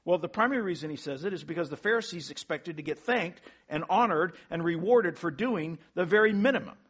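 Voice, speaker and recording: A man's voice: high voice, lively intonation, fairly quick, fairly bright tone, slightly rough. A man as pastor, preaching a sermon in an earnest way with emphatic rising peaks.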